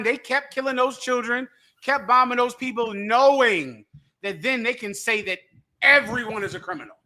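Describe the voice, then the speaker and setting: A man's voice: very high-pitched, pushed and bright. A man co-hosting an online show, giving heated, emphatic political commentary over a remote call. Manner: emphatic, indignant, rhetorical. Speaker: show co-host.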